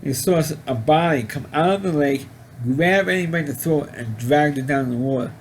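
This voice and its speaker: A man giving a casual spoken movie review, rambling and halting with frequent restarts. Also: on the high side, slight background noise. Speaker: film reviewer.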